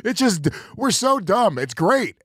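A man's voice: high-pitched, sing-song, a little slow, a bit bright, slightly rough, no echo, studio quality. A man hosting a podcast, talking in rambling, self-deprecating banter with plenty of swearing. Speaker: podcast host.

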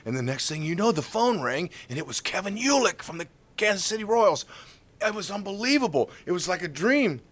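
A middle-aged man, a baseball color commentator, telling a story in an interview. He is animated, acts out the quotes and repeats words when excited. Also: sits high, brisk.

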